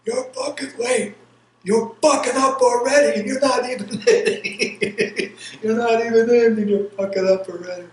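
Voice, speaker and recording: A man's voice: high voice, takes it slowly, pitched above the performer's own voice. A man voicing a furious male army drill sergeant who barks curses and orders, in a roomy space. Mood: barking. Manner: yelling, cursing, abusive.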